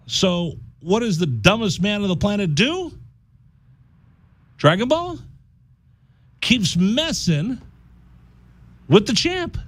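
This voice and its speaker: A man's voice: high voice, slow pace, long pauses, no room sound. A man hosting a college radio talk show, telling a story with jokes and slipping into mock voices. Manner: animated, jokey storyteller who slips into mock voices. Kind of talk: casual radio banter and storytelling.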